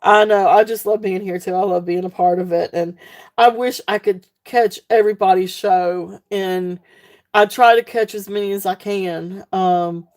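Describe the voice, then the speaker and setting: A woman hosts a live online sale from her home. She chats casually and at length with her viewers, full of fillers and warm thanks. Her voice is mellow and soft-edged, pitched in the middle range. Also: fairly even intonation, normal speed. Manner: rambling and heartfelt, many fillers, laughs often. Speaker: online jewelry seller hosting a live sale.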